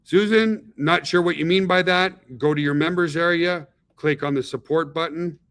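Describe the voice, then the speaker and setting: A man's voice: fairly high pitch, steady tone, normal speed, fairly bright tone. Chatty man hosting a webinar. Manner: chatty, peppers talk with "okay?" and "guys". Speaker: webinar host, company founder. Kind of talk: casual webinar talk.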